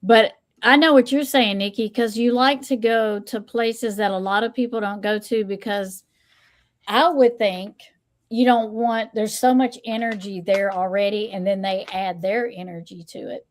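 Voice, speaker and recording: A woman hosting a casual livestream chat, who repeats her phrases, greets viewers and reads out their comments. She is still a little hoarse. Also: mid-range voice, fairly even intonation, moderate pace. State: recovering from hoarseness. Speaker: stream host and tarot reader.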